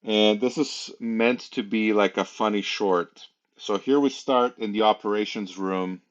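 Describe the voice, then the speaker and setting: A man's voice: fairly low pitch, steady tone, unhurried. A man hosting a casual livestream, chatting loosely with laughs and plenty of fillers. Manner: rambling, chatty, laughs often, many fillers. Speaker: livestream host. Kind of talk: casual live-stream chat. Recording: dull lo-fi sound.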